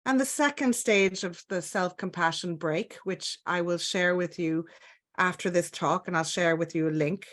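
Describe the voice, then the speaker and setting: An Irish woman guides listeners through a self-compassion exercise on a webinar. Her delivery is gentle and soothing, with slow, careful pacing. The sound is that of a video call. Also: on the low side. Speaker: webinar presenter.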